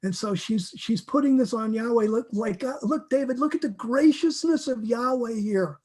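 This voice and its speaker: A man with a fairly high voice leads a Bible teaching. He speaks earnestly and with feeling, often repeating words and restarting his sentences. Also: normal speed, darkish tone. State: emotional.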